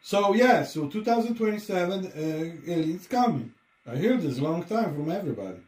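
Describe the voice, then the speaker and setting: A man's voice: sits high, big pitch swings, moderate pace, darkish tone. Blunt, swearing man in an echoey room. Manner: blunt, swears a lot, broken English grammar. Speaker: podcast co-host. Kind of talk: casual chat.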